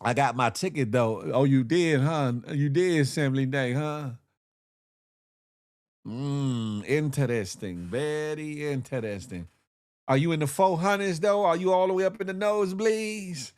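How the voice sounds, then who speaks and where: Slangy animated guy hosting a morning show, kinda high voice, laughs a lot. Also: unhurried, smooth. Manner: animated, slangy, laughs often, sings snippets. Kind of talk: casual commentary.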